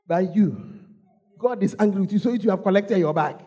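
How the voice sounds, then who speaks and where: A woman's voice: medium pitch, normal speed, background noise. A woman with a Ghanaian English accent preaching a storytelling sermon, calling out to the congregation and repeating her phrases.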